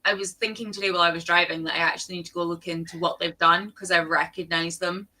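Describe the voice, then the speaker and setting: A woman's voice: on the low side, fairly even intonation, quick pace, bright, forceful tone, poor audio. A young Scottish woman hosting a livestream, chatting casually with friends and reading out viewer comments. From Scotland. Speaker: livestream host.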